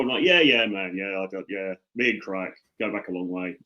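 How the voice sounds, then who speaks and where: Fast-talking man, deadpan. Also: low-pitched, highs cut off. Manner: rambling anecdotes full of restarts and deadpan asides. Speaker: podcast co-host. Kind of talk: casual podcast chat.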